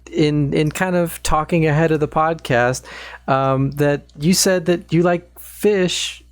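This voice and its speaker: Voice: medium pitch, no room sound. Podcast host, dry close sound. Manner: repeats words when starting questions. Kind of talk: casual chat.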